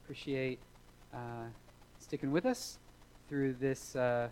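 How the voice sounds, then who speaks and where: A man's voice: mid-range voice, fairly even intonation, slow pace, a little mellow, slight background noise, rough recording. Emphatic middle-aged male pastor preaching. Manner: emphatic, repeats key lines for weight. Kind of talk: sermon. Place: church sanctuary.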